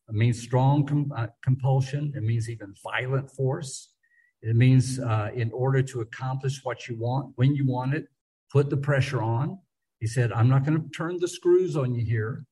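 A man's voice: medium pitch, a little mellow, breathy edge, poor audio. A man teaching a Bible study in a conversational way, thinking aloud with frequent restarts and repeated words.

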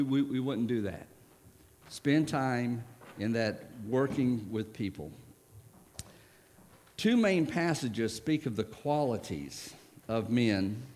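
Male preacher of middle pitch, giving a conversational sermon in church. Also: darkish tone. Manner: conversational, with frequent restarts and asides.

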